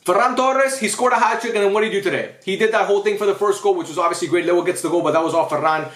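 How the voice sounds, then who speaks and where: A man's voice: high voice, very fast, fairly bright tone, reverberant. A man giving an angry, frustrated post-match rant as a football fan, swearing often and sounding upset.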